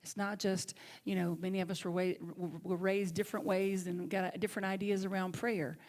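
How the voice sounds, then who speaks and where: A woman minister with a Southern accent, preaching a sermon and telling a personal story with lively swings from loud to hushed. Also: medium pitch, normal speed. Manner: animated, swings from loud to hushed near-whisper. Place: church sanctuary.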